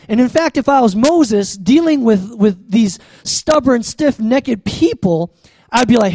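A man's voice: sits high, moderate pace, a little mellow, dry recording. A man preaching a sermon as pastor, conversational and often stammering on restarts.

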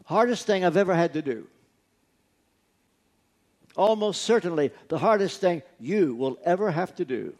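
A man's voice: high-pitched, lively intonation, moderate pace, long pauses, a little mellow. A man preaching a sermon, telling a personal story earnestly and stressing key words through repetition. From United States.

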